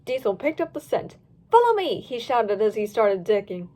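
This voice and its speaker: A woman reading a fan-written story aloud in a lively storybook manner. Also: mid-range voice, moderate pace. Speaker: reader. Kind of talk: storybook narration of fan fiction.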